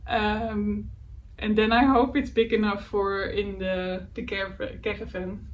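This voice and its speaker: Woman knitting host, slow and hesitant, slightly distant mic. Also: medium pitch, level tone, dull audio. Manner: hesitant, searching for words, many fillers; laughs softly at herself. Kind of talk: casual show-and-tell chat. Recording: faint background noise, voice a bit distant from the mic.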